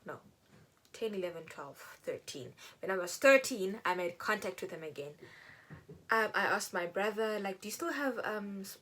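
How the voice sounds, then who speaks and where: A woman's voice: medium pitch, moderate pace. A young woman from South Africa, chatting while doing her makeup and telling a personal story, acting out quotes in a raised voice. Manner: animated, acts out quotes in a raised voice. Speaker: beauty vlogger. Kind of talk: chatty get-ready-with-me storytelling.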